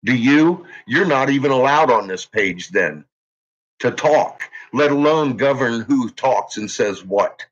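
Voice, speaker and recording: Husky, agitated man ranting on a lo-fi recording. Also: mid-range voice, animated, a little slow. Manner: agitated, profane, threatening outbursts. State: tense and jittery. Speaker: channel host. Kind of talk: angry ranting monologue. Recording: dull lo-fi recording.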